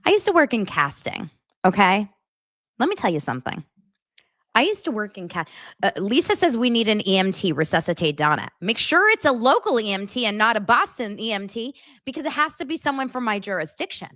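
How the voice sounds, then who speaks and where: A woman hosting a casual true-crime commentary, talking fast with a sarcastic, incredulous edge. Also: mid-range voice, big pitch swings, a bit bright, dry recording, clean studio sound. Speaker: commentary host.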